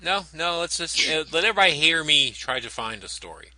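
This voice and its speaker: A man's voice: a little high, sing-song, fairly quick, bright, forceful tone, no echo, low-quality recording. A man co-hosting a podcast, wry and hesitant with lots of ums. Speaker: podcast co-host. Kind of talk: casual chat.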